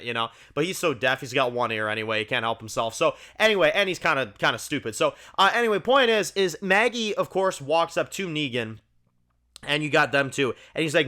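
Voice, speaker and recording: A man's voice: on the high side, lively intonation, brisk, pushed and bright. A man hosting his review channel, talking through a TV episode in a loose, enthusiastic way, full of "like" and "you know". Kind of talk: casual spoken episode review.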